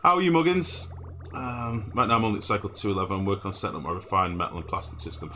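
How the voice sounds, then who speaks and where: A man's voice: sits low, racing, bright, forceful tone, soft background music. A man chatting casually and swearing freely while he streams a game and answers chat. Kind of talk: casual gameplay commentary.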